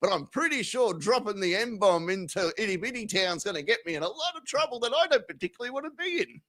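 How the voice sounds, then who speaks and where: An Australian man hosting a live stream talks in a high, bright, forceful voice, casually chatting with viewers and reading their comments. He swears freely, laughs often, and jokes around with chat.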